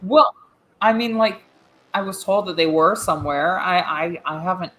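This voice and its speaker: A woman's voice: on the low side, moderate pace, fairly bright tone. A woman player in a tabletop role-play, talking in a flustered, stammering way.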